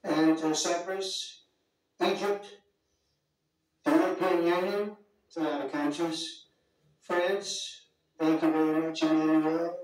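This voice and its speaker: Guy rambling through a speech, kinda high voice, really echoey big room. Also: fairly even intonation, slow pace, long pauses. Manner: rambling, digressive, folksy asides. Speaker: speaker greeting leaders at a summit. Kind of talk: off-the-cuff public speech. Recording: very echoey hall, distant mic, faint music.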